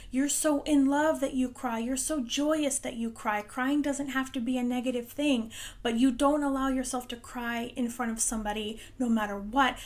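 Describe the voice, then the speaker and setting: A young adult woman talking earnestly and emphatically to her viewers in a casual motivational monologue, sharing what she calls a channeled message. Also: high-pitched. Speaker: spiritual channeler and host.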